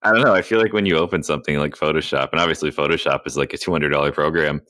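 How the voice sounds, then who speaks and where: A man's voice: extremely low pitch, racing, bright, forceful tone, no echo. A man co-hosting a podcast, talking in a dry, matter-of-fact casual way. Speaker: podcast co-host.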